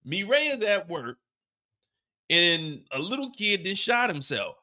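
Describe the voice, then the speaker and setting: Animated profane man recapping a show. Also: sits high, a little slow. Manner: animated, profane storytelling with acted-out quotes. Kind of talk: casual episode recap.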